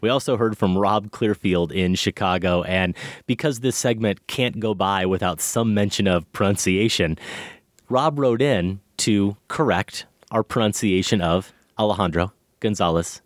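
A male podcast co-host chatting casually and reading listener donations aloud in a relaxed, wry way. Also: fairly low pitch, unhurried, no echo, clean studio sound.

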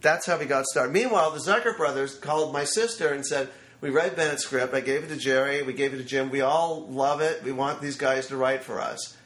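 Man, fifties, screenwriter guest, lively storyteller, mid-pitched voice, roomy echoey sound. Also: fairly quick. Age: 50s. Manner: animated storyteller who acts out quotes. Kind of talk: anecdotal storytelling interview. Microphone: studio microphone.

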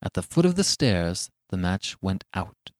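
Low-voiced male storyteller, hushed and expressive. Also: measured pace, dry recording, studio quality. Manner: hushed, suspenseful delivery. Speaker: audiobook narrator. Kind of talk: dramatic storybook narration.

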